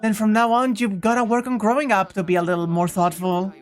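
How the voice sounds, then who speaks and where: A woman's voice: mid-range voice, fairly even intonation, brisk, soft background music, close to an everyday voice. A woman reading as a dutiful teenage boy hero. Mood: earnest. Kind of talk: visual novel read-aloud.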